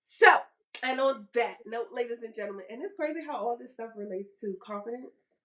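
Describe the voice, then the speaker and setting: A middle-aged woman co-hosting a casual podcast chat, animated and repeating phrases for emphasis. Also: on the high side, brisk, a little hiss or hum, poor audio. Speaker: podcast co-host.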